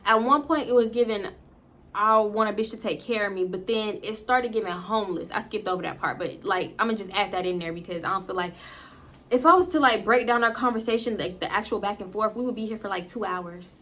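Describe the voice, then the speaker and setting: Bright-voiced woman telling a story. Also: mid-range voice, fairly quick. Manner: animated, blunt, profane, talks straight to viewers. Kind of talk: casual storytime vlog.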